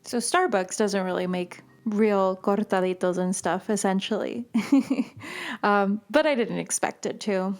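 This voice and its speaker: A woman's voice: mid-range voice, a little slow, soft background music. A young woman from Miami hosting a casual podcast chat, talkative and laughing often, with many fillers. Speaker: podcast host.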